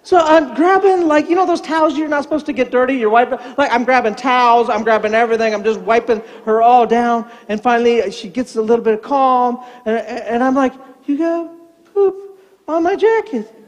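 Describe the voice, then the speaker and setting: A man's voice: very high-pitched, fairly quick, few pauses. An older man, a pastor, telling a comic story in a sermon, acting out the voices in it. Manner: animated, acts out voices in a story.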